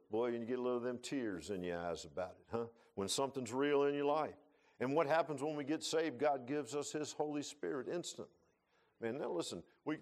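A middle-aged pastor preaches a folksy sermon, swinging between loud, rising bursts and low, quiet asides.

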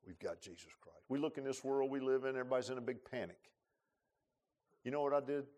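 A male pastor preaching a sermon, repeating himself and swinging from quiet, confiding lines to loud, fervent peaks. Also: medium pitch, fast talker. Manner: repeats words and restarts, folksy asides.

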